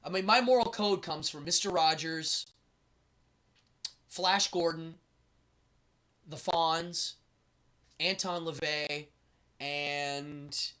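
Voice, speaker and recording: Middle-aged male streamer, excitable and chatty, bright ringing tone. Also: fairly high pitch, slow, pauses often. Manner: enthusiastic, rambling, reads chat aloud. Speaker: host. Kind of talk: casual live-stream chat.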